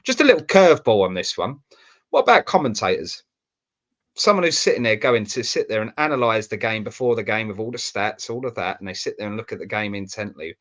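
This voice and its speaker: A quick-talking man chatting about football, thinking out loud and reaching for words as he goes. His voice comes through on slightly dull, lo-fi audio. He keeps a relaxed, conversational flow. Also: on the low side. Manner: rambling, searches for words aloud. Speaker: podcast co-host. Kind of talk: casual football chat.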